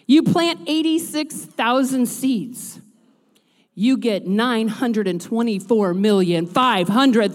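A woman pastor preaches in a large church, her high voice carrying a long hall reverb. She moves between relaxed, joking asides to the congregation and loud, rhythmic runs of preaching. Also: slow pace. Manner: builds to loud rhythmic preaching, then drops to chatty asides. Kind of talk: sermon. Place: church sanctuary.

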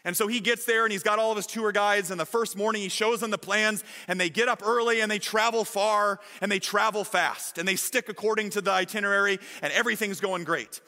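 A man pastor preaching a sermon with animated storytelling in a church. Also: high-pitched, a little fast, hardly any pauses, long reverb tail. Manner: animated storytelling, shifting from lively to hushed.

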